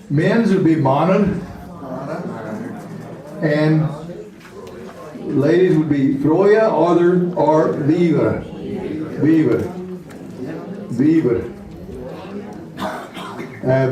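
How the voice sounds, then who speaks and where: A man teaching vocabulary to a class, slowly repeating each word and phrase, recorded from a far camera in a community room. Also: medium pitch, dark tone, lo-fi sound. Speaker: language teacher. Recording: echoey room from far off with people around.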